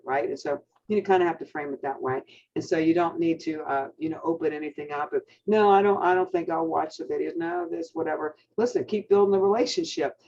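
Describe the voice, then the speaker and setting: A man coaching his sales team on a call, energetic and encouraging, with many fillers and restarts. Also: a little high. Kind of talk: team call pep talk. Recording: dull lo-fi call audio.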